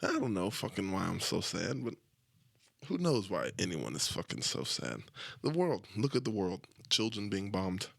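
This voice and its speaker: A man's voice: low-pitched, big pitch swings, normal speed, creaky, a bit bright, dry recording. A young man hosting a solo podcast, talking in a crude, rambling, self-deprecating way with lots of swearing. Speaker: podcast host. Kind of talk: casual solo podcast monologue.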